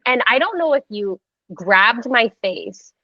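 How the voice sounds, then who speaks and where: Woman, 30s, higher pitch, casual animated storyteller, dry muffled recording. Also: slow pace, no echo. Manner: animated, heavy use of "like", acts out quoted voices. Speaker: podcast guest sharing a birth story.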